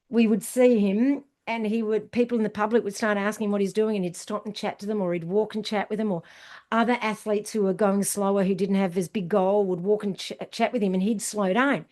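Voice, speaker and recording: A woman's voice: mid-range voice, a little fast. A woman endurance coach in casual podcast chat, telling stories bluntly and emphatically and acting out what people said. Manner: animated storyteller who acts out what people said.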